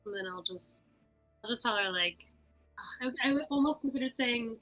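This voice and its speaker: A woman's voice: mid-range voice, moderate pace, long pauses, bright, forceful tone, faint music behind, low-quality recording. A woman playing a tabletop game, talking casually in an offhand, shrugging way. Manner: offhand, shrugging, laughs easily. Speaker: player. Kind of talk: casual game play chat.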